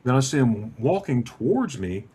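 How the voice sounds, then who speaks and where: Husky guy in his 50s, chatting on a video call, voice jumps all over when he gets into the story. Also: moderate pace. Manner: animated, acts out dialogue with lively pitch swings. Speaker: guest telling a travel story. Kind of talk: casual storytelling chat.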